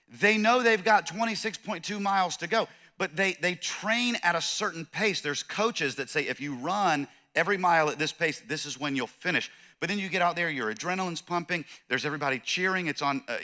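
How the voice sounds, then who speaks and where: A man's voice: a little high, moderate pace, bright, forceful tone. A middle-aged man with a Californian accent preaching a sermon as pastor, in a conversational, joking way, acting out the voices of people in the story.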